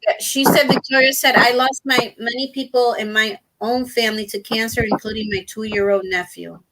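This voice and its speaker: A middle-aged woman in casual chat on a stream panel, talking softly and haltingly with many fillers. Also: a little high, steady tone, low-quality recording.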